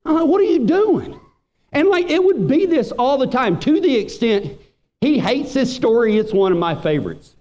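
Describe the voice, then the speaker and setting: A man's voice: very high voice, normal speed. A man, preaching a storytelling sermon and acting out friends' lines in voices. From Texas. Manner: animated, acts out quoted friends in voices. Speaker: pastor.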